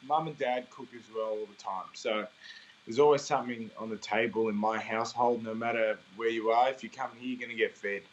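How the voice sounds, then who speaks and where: A man's voice: medium pitch, fairly even intonation, brisk, highs cut off, a little hiss or hum. Easygoing young Australian man. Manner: easygoing, laughs often, rambling fillers. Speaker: interviewee, singer. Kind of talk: casual interview chat.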